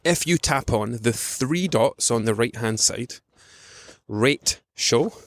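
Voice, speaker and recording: A man's voice: medium pitch, lively intonation, slow pace, dry recording. A man hosting a nutrition podcast, talking in a casual rambling way with many ums while out on a morning walk. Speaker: podcast host, nutrition coach.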